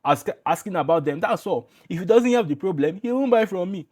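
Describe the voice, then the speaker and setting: A man's voice: sits high, lively intonation, brisk, a little mellow, pitched above the performer's own voice. A man voicing an amused male market tire salesman, with a put-on Igbo Nigerian accent and a knowing, chuckling manner.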